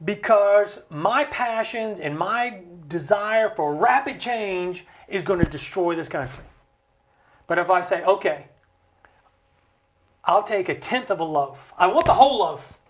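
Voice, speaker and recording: A man speaking as a studio guest, explaining with passion, in an animated way with jokey asides. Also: high-pitched, takes it slowly. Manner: animated, acts out quoted voices, jokey asides. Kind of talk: impassioned conversational explanation. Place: recording studio.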